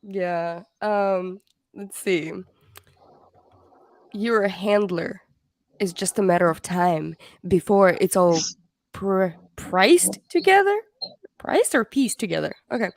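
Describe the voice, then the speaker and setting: A woman's voice: medium pitch, animated, slow, long pauses, no echo. A woman hosting a casual livestream, reading comments aloud in a chatty way that laughs easily and trips over words. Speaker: livestream host.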